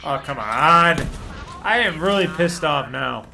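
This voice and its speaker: A man narrating his own gameplay in a slow, drawn-out way, his voice gravelly and bright. His pitch jumps widely as he grumbles and swears at the game. Soft game music plays underneath. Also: expressive, a little hiss or hum. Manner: frustrated, swearing and muttering at the game. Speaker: gaming channel host. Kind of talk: gameplay commentary.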